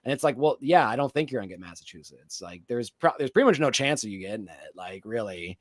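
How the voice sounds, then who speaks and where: A man's voice: medium pitch, lively intonation, quick pace, dry recording. Podcast co-host, male, casual rambling recap style, dry close sound. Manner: rambling, filler-heavy, many restarts. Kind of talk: casual chat recapping a TV episode.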